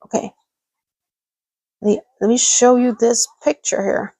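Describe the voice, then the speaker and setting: Woman streamer, unhurried rambling chat with viewers, laughs a lot, dry close mic. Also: fairly high pitch, steady tone, dark tone, slightly rough, no echo, low-quality recording. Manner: chatty, rambling, laughs often, reads chat aloud. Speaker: livestream host. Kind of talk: casual livestream chat with viewers.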